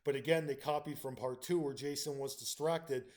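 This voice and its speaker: A man's voice: mid-range voice, fairly even intonation, moderate pace, a little mellow. A man hosting his own channel, giving a casual spoken film review with frequent ums and restarts. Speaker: channel host reviewing films.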